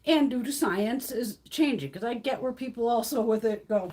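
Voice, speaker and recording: A woman's voice: fairly high pitch, moderate pace, mellow. A woman in her fifties hosting a casual beauty livestream, ranting bluntly and profanely and acting out other people's lines. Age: 50s. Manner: acts out others' lines in quoted voices.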